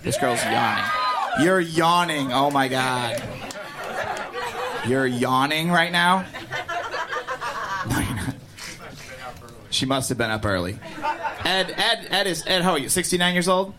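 A man's voice: fairly high pitch, expressive, unhurried, long pauses. A man emceeing a comedy show, teasing the audience and hyping it up. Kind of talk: crowd work and introductions. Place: comedy club with a live audience. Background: loud crowd.

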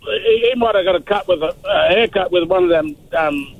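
Gravelly, high-pitched male caller. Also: phone-quality sound. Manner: halting, stammering, laid-back. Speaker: radio caller. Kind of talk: casual call-in chat.

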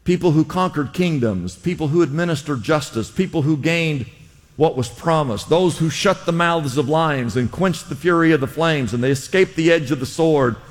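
A man's voice: fairly high pitch, moderate pace, long reverb tail. A male pastor preaching a sermon in a church, with impassioned exhortations and lots of repetition.

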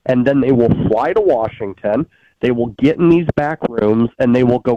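A man's voice: mid-range voice, moderate pace, no room sound, dull audio. A man arguing politics as a guest on a talk show, emphatic, with frequent filler sounds and restarts. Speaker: political commentator.

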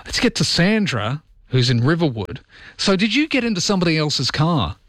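A man's voice: fairly high pitch, very animated, normal speed, a bit bright, no room sound. A male radio talk show host chatting casually with callers, telling stories with a self-deprecating streak. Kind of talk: casual call-in chat.

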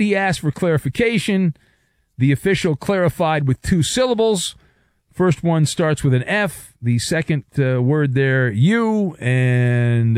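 A man's voice: a little high, dry recording. A middle-aged man hosting a sports talk radio show, opinionated and sarcastic, with jokey asides.

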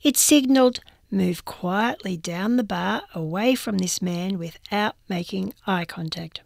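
A woman reads a humorous magazine column aloud in a wry, dry storytelling manner. Her voice has a gravelly texture, and the recording is close and dry. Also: medium pitch, measured pace, no room sound. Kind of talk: reading a first-person column aloud.

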